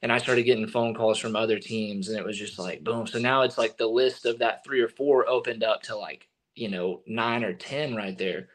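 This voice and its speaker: A young man from Texas, a baseball pitcher, telling stories in a casual interview and acting out what others said. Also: normal speed, few pauses. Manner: animated storyteller, acting out quotes.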